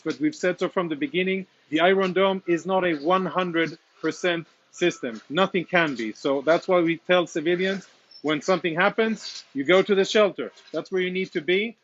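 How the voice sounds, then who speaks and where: A man with a somewhat high voice speaks as a military spokesman, live from inside a damaged apartment. He talks earnestly and insistently, with a slight emotional edge. The audio is dull and lo-fi, like a phone livestream. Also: a bit bright. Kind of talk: live on-location statement.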